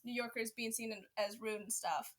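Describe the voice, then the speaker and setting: A woman from Canada in a relaxed podcast chat, speaking a bit higher than most. Her thoughts spill out with many "likes", restarts, and trailing asides. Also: normal speed. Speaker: podcast co-host.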